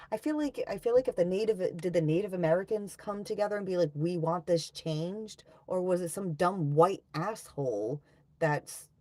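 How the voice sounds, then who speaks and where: A woman's voice: deep voice, dark tone, no room sound. A young woman chatting casually on a livestream, blunt and profane as she rants and reads comments. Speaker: livestream host.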